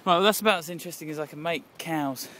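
A man's voice: on the high side, very fast. A man chatting playfully in a casual vlog outdoors on a windy sea cliff, speaking into a handheld camera. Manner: playful, jokey, chuckling asides. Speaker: vlogger. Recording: loud wind noise outdoors.

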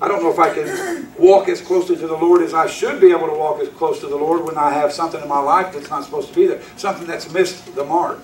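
A man with a fairly high-pitched voice, with a little hiss or hum, preaches a sermon as pastor in a church sanctuary. He hammers his points through repetition and direct questions to the congregation, recorded in an echoey hall from a distant mic.

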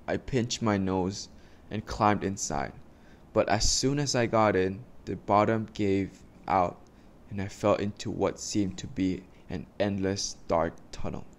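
A man reading a children's storybook aloud slowly and carefully, with small stumbles, then giving his listeners instructions. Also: fairly low pitch. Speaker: reader for a class.

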